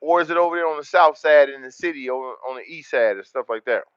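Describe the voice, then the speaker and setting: A man's voice: a little high, clean tone, no echo. Boastful man livestreaming, muffled sound. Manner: loud, boastful street slang, repeats words in rapid runs. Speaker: livestream host. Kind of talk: casual livestream chat, reading the chat.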